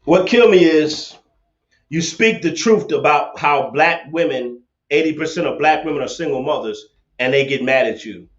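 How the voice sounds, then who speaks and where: A man with a voice on the high side, speaking at a moderate pace, rants on a livestream and debates callers through a laptop webcam. He confronts, preaches and repeats himself, with echoey, dull lo-fi webcam audio.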